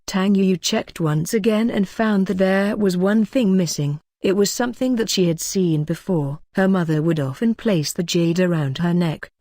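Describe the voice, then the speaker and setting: A woman narrating a web novel in an even, steady reading style, reading chapter headers word for word. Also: fairly low pitch, no echo, clean studio sound. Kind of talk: scripted audio novel narration.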